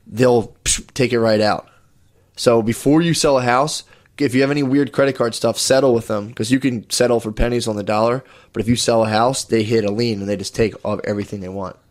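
A young man in casual chat, telling rambling, profane stories with quick wit. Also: mid-range voice, fairly even intonation. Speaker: storyteller.

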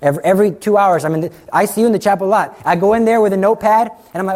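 A middle-aged man giving a sermon, telling a story with lively acted-out dialogue. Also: sits high, rapid-fire, few pauses. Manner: animated storytelling, acts out dialogue. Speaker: Catholic speaker.

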